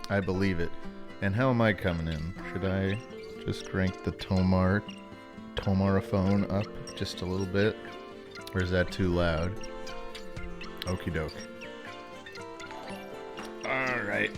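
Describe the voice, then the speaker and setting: A man streams a video game live from his home setup, talking casually into a desk mic. His voice sits on the low side, and he chats loosely with viewers and thanks them between bits of play. Game music plays clearly underneath him. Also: fairly even intonation, takes it slowly, long pauses. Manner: chatty, reads and thanks chat. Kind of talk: casual live-stream chat while gaming.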